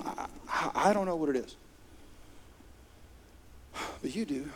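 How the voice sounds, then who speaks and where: A middle-aged man, preaching a sermon as pastor in an earnest, conversational way. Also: on the high side. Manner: earnest, conversational, with soft laughs.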